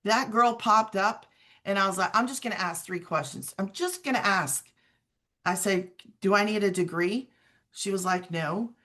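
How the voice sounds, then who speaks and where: A middle-aged woman shares her personal testimony as a guest. She talks in an earnest, conversational way and often quotes what she said at the time. Her voice sits at an ordinary pitch. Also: moderate pace, bright, forceful tone. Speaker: guest sharing her story.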